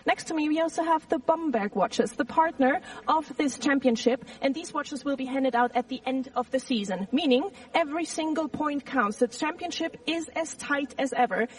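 A chatty, bubbly female pit reporter with a fairly high voice, talking freely as she works the grid. She is recorded outdoors, a little far from the mic. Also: normal speed, few pauses. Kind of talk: live trackside interviewing.

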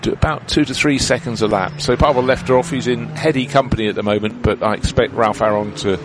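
A man's voice: mid-range voice, fast. A man giving live motorsport commentary, chatty and explanatory as he breaks down the race. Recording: commentary with loud car noise behind.

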